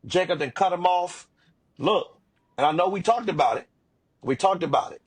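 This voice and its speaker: A man with a husky, slightly high voice, co-hosting a wrestling podcast. He retells matches in loose, animated casual talk and restarts his sentences often. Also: moderate pace. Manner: animated storytelling with repeated restarts. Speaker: podcast co-host. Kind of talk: casual wrestling recap chat.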